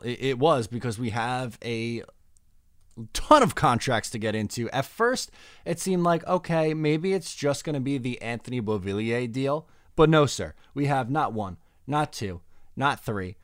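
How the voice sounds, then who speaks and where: A young man co-hosting a casual sports podcast, upbeat, moving briskly between chat and sponsor reads. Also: medium pitch, expressive, clear, resonant tone, dry recording, studio quality. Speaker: podcast co-host.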